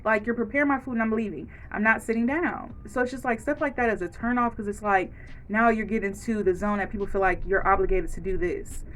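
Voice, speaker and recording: A woman ranting frankly to camera in a casual vlog, acting out quoted lines as she goes. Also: fairly high pitch. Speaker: vlogger.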